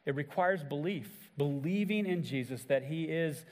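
A man's voice: moderate pace, darkish tone, long reverb tail. A man preaching a sermon as a pastor, earnest, acting out quoted lines with rises and drops in voice. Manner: earnest preaching, acts out quoted lines with shifts in pitch and volume.

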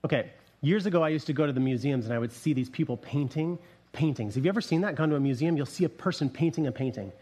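A man delivers a conversational sermon in a fairly high voice. He jokes, wanders off into asides and restarts his sentences often, keeping the tone loose rather than formal. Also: quick pace, warm tone, slightly rough. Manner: casual, joking, rambling with restarts. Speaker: pastor.

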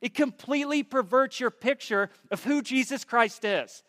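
A young man preaching a conversational sermon, stumbling over repeated words and building up to forceful emphasis. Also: very high-pitched, moderate pace.

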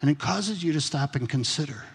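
Husky-voiced man preaching in a reverberant hall. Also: a little high, lively intonation, fairly quick. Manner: conversational preaching, asks the congregation questions. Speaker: pastor. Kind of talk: sermon. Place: church sanctuary.

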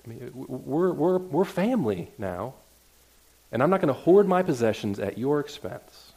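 A man's voice: mid-range voice, big pitch swings, normal speed, dark tone, slightly rough. Earnest male pastor preaching conversationally. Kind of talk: sermon. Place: church sanctuary.

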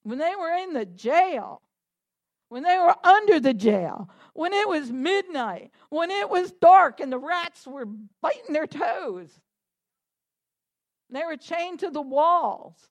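A high-voiced woman preaches a lively sermon, speaking slowly. She talks animatedly, laughs along the way, and climbs into fervent, shouted prayer.

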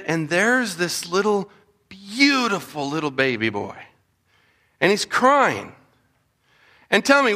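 A man preaching a Bible story to children, animated and acting out the voices of the people in it. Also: sits high. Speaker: children's pastor. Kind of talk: storytelling sermon.

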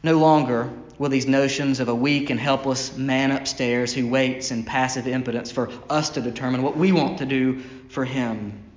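A man's voice: steady tone, lo-fi sound. Emphatic preaching man in an echoey church. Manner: emphatic preaching with repeated phrases, dropping low and slow on key lines. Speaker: pastor. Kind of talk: sermon. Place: church sanctuary, from the pulpit.

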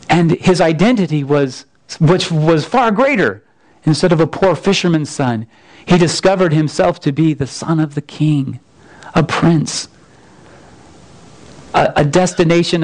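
A pastor giving a sermon, reading a story and then preaching earnestly, often repeating phrases. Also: male voice, a little high, darkish tone, rough recording.

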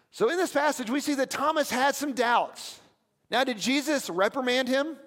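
A man's voice: very high-pitched, animated, normal speed, a bit bright, in a large hall. A man preaching a sermon as pastor, telling stories in a conversational way with asides to the congregation. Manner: storytelling, conversational with audience asides. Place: church.

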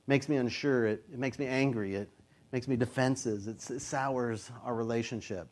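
A man's voice: mid-range voice, steady tone, normal speed, darkish tone. A man in his fifties, a pastor, preaching a sermon in a casual, conversational way, sometimes acting out the voices he quotes.

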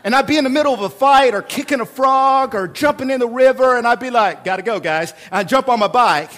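A middle-aged man preaching a sermon as pastor, moving from hushed prayer to loud, animated storytelling. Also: very high-pitched, fast.

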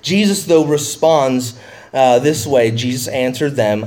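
A man preaching a verse-by-verse sermon in a conversational way, getting animated when he paraphrases. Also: medium pitch, measured pace. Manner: conversational, rising excitedly when paraphrasing Jesus. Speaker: pastor. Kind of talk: expository sermon.

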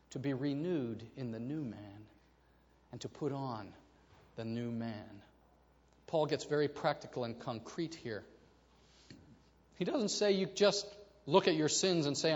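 A man preaching a sermon to his congregation, telling a story with animated delivery and acting out the voices in it. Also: mid-range voice. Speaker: pastor. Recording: reverberant hall, dull lo-fi sound.

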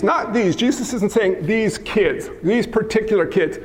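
High-voiced man preaching in a church hall. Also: a little slow, hardly any pauses. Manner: lively, teasing, acts out scenes. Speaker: pastor. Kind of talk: sermon. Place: church sanctuary. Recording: echoey hall with long reverb.

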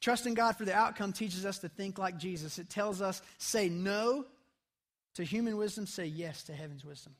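A man preaching a sermon as pastor in a church, conversational, dropping to soft intense tones for emphasis. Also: high voice, moderate pace. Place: church sanctuary.

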